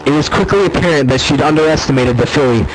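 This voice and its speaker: A man's voice: on the high side, fast, slight background noise, low-quality recording. A man reading a fan story aloud, stumbling and correcting himself as he goes. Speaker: reader.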